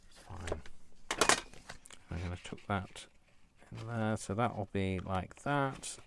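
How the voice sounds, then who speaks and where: A man's voice: sits low, slow pace, creaky, very noisy. A man hosting a casual crafting tutorial at home, rambling and self-mocking as he works. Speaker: crafting video host. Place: room at home.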